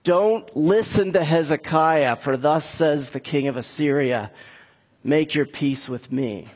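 A man doing a taunting, husky Assyrian envoy. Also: on the high side, slow, a little mellow. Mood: threatening. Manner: taunting, threatening. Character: menacing boastful male Assyrian king's envoy.

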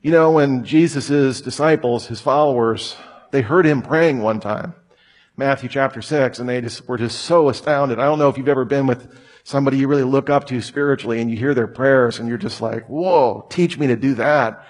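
A man's voice: mid-range voice, brisk. A man in his thirties preaching a conversational sermon, telling stories with humor. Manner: casual, storytelling with humor.

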